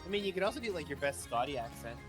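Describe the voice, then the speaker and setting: Man from Iowa on voice chat, high voice, joking, stumbling over words, music behind. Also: big pitch swings, racing. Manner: joking, stammering. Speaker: friend on voice chat.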